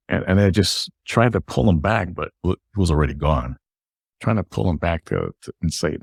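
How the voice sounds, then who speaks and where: A man's voice: deep voice, lively intonation, moderate pace, creaky, slightly rough, dry recording, studio quality. A man hosting a podcast, telling a personal story in a rambling way with frequent restarts. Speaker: podcast host.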